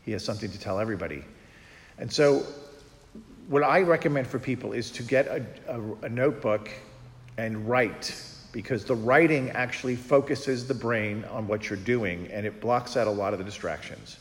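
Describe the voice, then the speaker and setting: A man's voice: medium pitch, moderate pace. A man, a Catholic priest, giving a conversational teaching talk on prayer and telling anecdotes. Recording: long reverb in a large hall.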